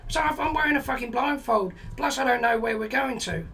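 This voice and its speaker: A man's voice: very high-pitched, expressive, a little fast, vocal fry, few pauses, bright, forceful tone, far from the mic, slight background noise, poor audio. A man in his forties telling a blunt, sweary comic anecdote, exasperated and full of quoted dialogue. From England. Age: 40s. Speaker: comedy storyteller. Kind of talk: comic storytelling monologue.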